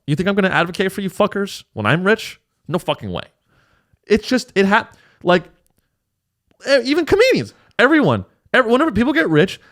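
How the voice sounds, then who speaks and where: A man hosting a podcast, talking casually in a rambling, profane and sarcastic way. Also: on the high side. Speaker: podcast host. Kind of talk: casual chat.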